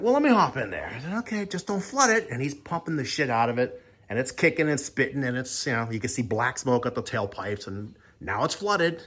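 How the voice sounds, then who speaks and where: A man's voice: mid-range voice, a bit bright, husky. A man casually recounting a frustrating car-buying visit, acting out both sides of the dialogue with exasperation. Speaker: vlogger. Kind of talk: casual storytelling.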